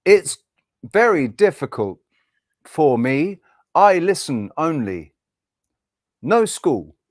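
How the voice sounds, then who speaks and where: A man imitating a Spanish speaker who talks halting, broken English. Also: a little high, big pitch swings, no echo, studio quality. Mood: mock earnest. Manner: halting, simple broken sentences.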